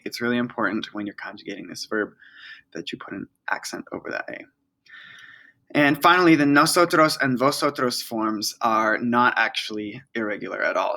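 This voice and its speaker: A man's voice: mid-range voice, pushed and bright, poor audio. A man teaching a casual video lesson, explaining patiently and repeating the key forms. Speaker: Spanish teacher.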